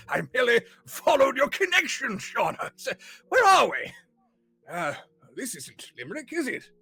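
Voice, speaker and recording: A man voicing an eccentric, bumbling old male wizard professor with a booming, chuckling, theatrical manner. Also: huge pitch swings, measured pace, gravelly, bright, forceful tone, breathy edge, no echo, faint music behind, exaggerated voice. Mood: jolly.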